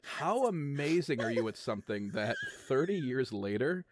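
A man who does stand-up comedy, talking casually and quickly as a podcast co-host, swearing now and then. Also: mid-range voice, big pitch swings, background noise.

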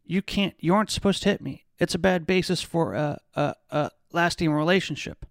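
A man voicing a frightened young woman who pleads in a halting, childlike way. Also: on the low side, creaky, no echo, clean studio sound. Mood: pleading.

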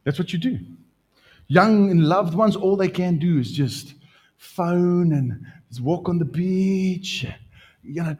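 A middle-aged man preaching a lively sermon as pastor, his voice leaping higher when he gets excited. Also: measured pace, breathy edge. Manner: animated preaching, pitch jumping up when excited.

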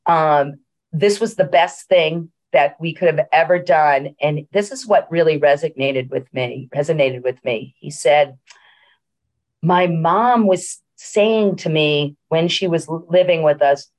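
A woman's voice: deep voice, slow pace. A middle-aged woman, a senior living executive, telling a story in a casual interview with many fillers and restarts.

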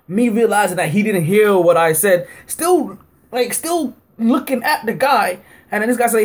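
A man hosting a sports podcast, telling a story casually, acting out both sides of an argument and filling his talk with "like" and laughter. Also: moderate pace. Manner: animated, acts out both sides of an argument with rising pitch; heavy use of fillers like "like" and frequent laughter. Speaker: podcast host.

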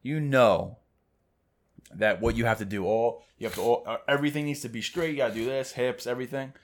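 A man in casual podcast chat who teases his co-host and keeps the talk chatty. He says "dude" often, in a voice of middling pitch. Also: brisk.

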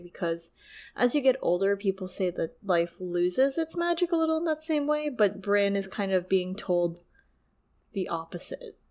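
A young woman co-hosting a podcast, chatting casually about a book and reading passages aloud, laughing and swearing easily. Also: medium pitch. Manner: laughs often, swears, emotional. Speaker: podcast co-host.

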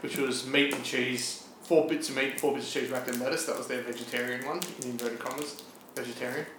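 A man's voice: mid-range voice, fairly even intonation, brisk, reverberant, background noise. A man co-hosting a podcast, teasing his friend in a dry way and laughing often. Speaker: podcast co-host. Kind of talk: casual chat.

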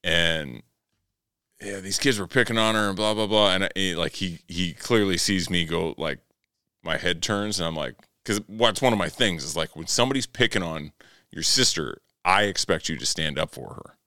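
A man in his thirties telling family stories in casual chat, acting out quotes, swearing and laughing loudly. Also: low voice, normal speed, dry recording, clean studio sound. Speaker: podcast co-host.

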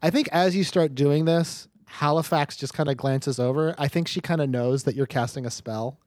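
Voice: medium pitch, moderate pace, a little mellow, dry recording, clean studio sound. A game master narrating a tabletop game, talking in a rambling way with many fillers and restarts.

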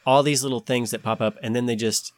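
A man hosting a podcast, talking in a rambling, animated way with many restarts. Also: medium pitch, fast, no room sound, clean studio sound. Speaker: podcast host. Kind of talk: casual podcast chat.

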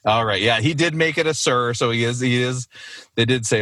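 A man's voice: medium pitch, a little fast, sharp tone, no echo. A man hosting a casual quiz game with friends over a video call, often laughing at his own jokes. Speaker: quiz host.

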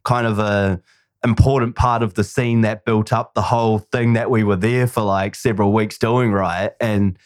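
A man hosting a podcast, with a rambling, animated way of telling stories. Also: lowish voice, normal speed, no room sound, studio quality. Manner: animated storyteller, frequent "like" and "you know". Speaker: podcast host. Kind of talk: casual chat.

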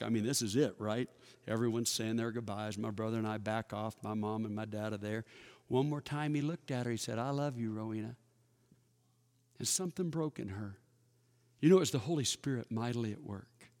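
A man's voice: medium pitch, vocal fry, darkish tone. A man in his fifties speaking at a church workshop, telling personal stories in a folksy, conversational way and acting out the dialogue. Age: 50s. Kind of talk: personal storytelling talk. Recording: long reverb of a large hall.

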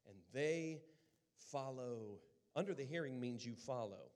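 A man pastor delivering a sermon, stressing phrases slowly and dropping into soft, close storytelling. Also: medium pitch, lively intonation. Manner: emphatic preaching with slow, drawn-out phrases and soft storytelling stretches.

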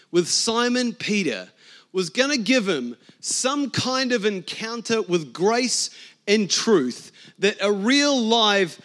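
A New Zealand man preaching a lively, joking sermon as pastor in a conversational way. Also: high-pitched.

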